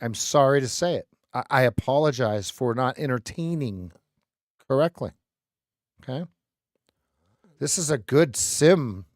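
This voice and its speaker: A man hosting a live trading stream, explaining charts in an animated, joking way and often repeating his words. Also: medium pitch, measured pace, pauses often, no room sound, studio quality.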